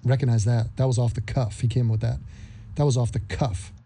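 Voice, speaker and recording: A man's voice: medium pitch, flat delivery, brisk, creaky, mellow, husky. A man hosting a ranting reaction commentary, sarcastic and repeating his phrases again and again. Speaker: commentary host.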